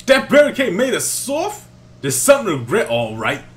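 Brief: a man playing a cocky young gang punk, pushed high and loud. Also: wildly swooping pitch, moderate pace, exaggerated voice. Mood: taunting. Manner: taunting, rhyming swagger. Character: brash young male street gang thug.

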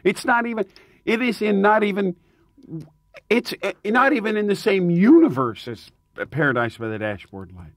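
A man, a touring rock singer, telling tour stories in a casual interview, animated and emphatic, laughing often. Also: sits high, moderate pace, no room sound, clean studio sound.

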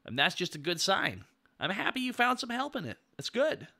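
A man's voice: high voice, huge pitch swings, moderate pace, bright, forceful tone. A man streaming, chatting casually and laid-back with his viewers, swearing freely.

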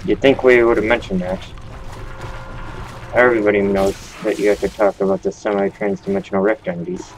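Male let's-play host, deeper voice, loose joking commentary. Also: fairly even intonation, a little fast, soft background music, low-quality recording. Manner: rambling, joking, swears at the game. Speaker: gaming channel host.

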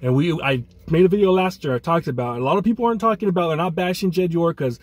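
A man's voice: on the high side, racing, no echo. A man co-hosting a fan podcast, ranting angrily and ending phrases with "man". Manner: angry ranting, repeats "man". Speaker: podcast co-host.

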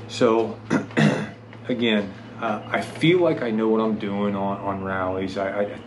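Male rally rider with a lowish voice, telling a halting, self-mocking story over faint background noise. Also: rough recording. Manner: self-deprecating, halting with repeated restarts. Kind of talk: casual storytelling vlog.

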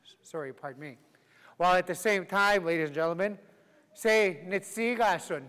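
A man's voice: high voice, moderate pace, fairly bright tone, smooth. A man teaching a live language class, playful and laughing, drilling phrases for the group to repeat. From Canada. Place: large hall with a live class. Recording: echoey hall, live class.

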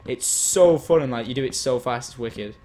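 A man chatting casually as he plays a game, explaining and getting excited as he goes. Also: medium pitch, moderate pace. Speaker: gaming host. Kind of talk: casual chat while gaming.

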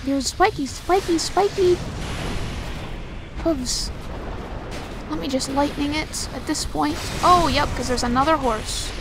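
A woman's voice: high voice, slow pace, long pauses, background noise. A young woman doing casual, rambling gameplay commentary, talking to herself and getting exasperated as she plays. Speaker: let's play host.

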